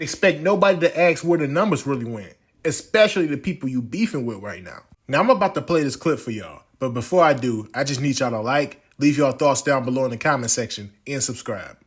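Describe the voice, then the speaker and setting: A man hosting a commentary channel, speaking in a measured, reflective way. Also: mid-range voice, breathy edge. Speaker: channel host. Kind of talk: commentary to camera.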